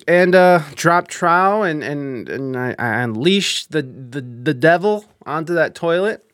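Profane, animated young streamer guy. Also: fairly high pitch, unhurried, no room sound, clean studio sound. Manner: animated, profane, lots of fillers and restarts. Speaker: live streamer. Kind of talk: casual storytelling on a live stream.

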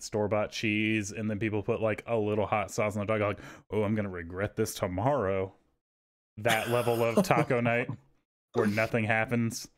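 A man on a podcast telling a rambling, profane story and acting out the people in it. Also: fairly low pitch. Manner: animated, swearing, acts out quotes in raised voices. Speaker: podcast co-host. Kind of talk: casual storytelling chat.

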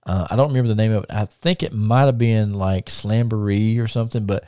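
A man's voice: lowish voice, a little fast, dark tone, clear, resonant tone, dry recording, clean studio sound. A man who hosts a podcast, telling rambling stories, repeating words and laughing at them. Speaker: podcast host and former wrestler. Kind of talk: casual storytelling.

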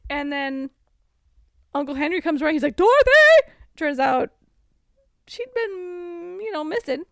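A woman co-hosting a casual podcast, recapping a movie and acting out the characters in quick voices. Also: sits high, no room sound, clean studio sound. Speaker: podcast co-host.

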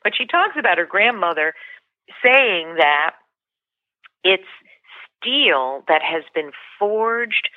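A woman guest speaks earnestly and with emotion, breaking off and restarting her sentences. Her voice comes through a tinny phone line with no room echo. Her pitch is mid for a woman. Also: big pitch swings, slow pace, pauses often. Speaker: guest author and leadership coach. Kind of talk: podcast interview storytelling.

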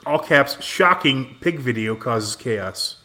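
A man's voice: medium pitch, lively intonation, slow pace, pushed and bright. Sarcastic, profane male podcast co-host. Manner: sarcastic and profane, mocks stories in put-on quotes. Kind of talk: casual podcast chat.

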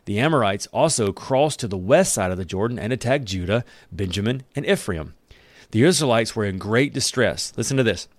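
A man's voice: lowish voice, animated, brisk, dry recording. A man giving a casual Bible lesson, reading verses aloud and breaking in with joking, conversational asides. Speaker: Bible study teacher.

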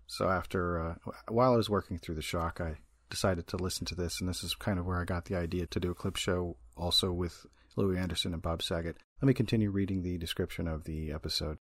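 A podcast host with a low, gravelly and husky voice reads through a show description. The sound is dry and close. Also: male voice, steady tone, quick pace, no echo. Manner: plain reading, with small fillers. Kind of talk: reading an episode description.

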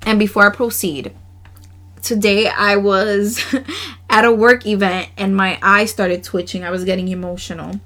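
A woman's voice: mid-range voice, level tone, measured pace, a bit bright. Laughing, chatty woman podcast host. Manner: chatty, laughs often, slangy asides; earnest, emotional. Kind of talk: casual solo podcast, reading oracle cards.

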